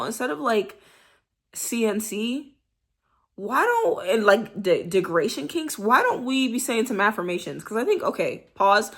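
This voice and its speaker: A young woman talks straight to camera in a loose, slangy vlog style. She is candid and animated, sometimes sinking into soft, breathy whispers. Her pitch sits in the middle for a woman. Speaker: vlogger. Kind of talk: casual vlog monologue.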